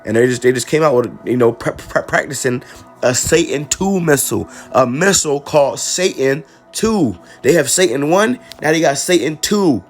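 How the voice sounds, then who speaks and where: A man giving an informal sermon who reads Bible verses slowly and then explains them in casual slang, with many stammered restarts. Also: mid-range voice, lively intonation, soft background music. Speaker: preacher. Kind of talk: informal scripture-reading sermon.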